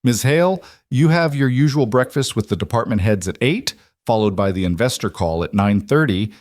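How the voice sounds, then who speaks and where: A man's voice: medium pitch, expressive, moderate pace, darkish tone, no echo, natural voice. A man voicing a polite, careful female executive assistant who speaks formally and deferentially.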